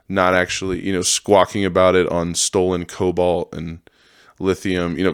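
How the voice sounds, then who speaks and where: A man's voice: low-pitched, clean tone, no room sound, clean studio sound. A man hosting a podcast, ranting casually in a profane, sarcastic, rambling way and laughing often. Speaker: podcast host. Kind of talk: casual monologue rant.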